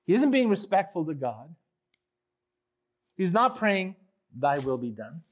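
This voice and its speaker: A male pastor preaching a sermon, swinging from quiet reflection to loud, impassioned pleading. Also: big pitch swings, a little slow, breathy edge. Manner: impassioned preaching, rising loud when voicing the psalmist; drops low and quiet on reflective points.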